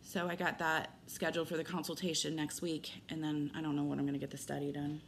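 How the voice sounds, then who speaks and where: A middle-aged woman talks straight to her audience in a loose, rambling personal update. Her voice sits a little low, and she slips into lively retellings of conversations as she goes. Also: quick pace, a little hiss or hum. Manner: rambling, candid, animated retelling with quoted dialogue. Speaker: vlogger.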